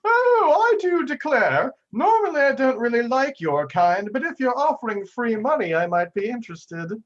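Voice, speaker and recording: A man's voice: very high-pitched, big pitch swings, normal speed, dull audio, pitched above the performer's own voice. Snooty drawling lady, as a man puts her on. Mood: haughty. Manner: drawling, affected Southern-belle airs. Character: haughty snobbish tavern woman.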